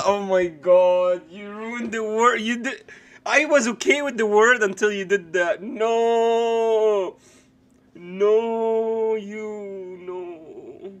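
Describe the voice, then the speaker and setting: A young man live-streaming, his voice pitched high as he talks through clips in a loose, rambling way. He speaks slowly and unhurriedly, breaking into hard laughter often and swearing freely. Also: clear, resonant tone. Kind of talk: casual live-stream reaction chat.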